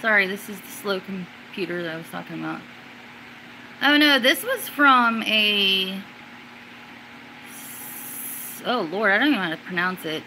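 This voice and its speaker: A woman hosting a casual question-and-answer stream, rambling with many fillers and restarts, and at times suddenly getting excited and loud. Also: mid-range voice, unhurried, long pauses, slight background noise, poor audio. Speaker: livestream host answering viewers. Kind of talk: casual chat.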